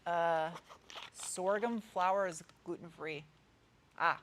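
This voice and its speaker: A woman's voice: on the low side, takes it slowly, fairly bright tone, a little hiss or hum. A woman in her thirties with a New England accent, chatting casually and rambling as she answers viewers' comments during a live stream. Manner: chatty, rambling, meandering with frequent restarts. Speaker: car channel host.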